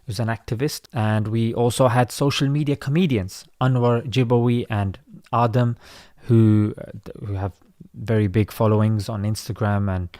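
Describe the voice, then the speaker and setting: A man's voice: on the low side, steady tone, normal speed, dark tone, no room sound. Man giving dry, conversational commentary. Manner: conversational, opinionated. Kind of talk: commentary reading social media posts.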